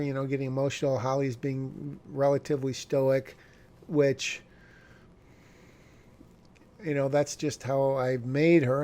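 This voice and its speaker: Gravelly man musing over his screenplay. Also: medium pitch, darkish tone. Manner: rambling, self-correcting, wry asides. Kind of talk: casual talk about his screenplay.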